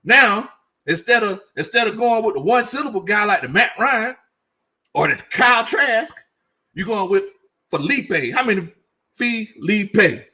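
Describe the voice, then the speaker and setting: Animated high-voiced man ranting about sports. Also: unhurried, breathy edge. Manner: animated, joking, repeats himself for emphasis. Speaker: sports show host. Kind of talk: casual sports commentary livestream reading chat.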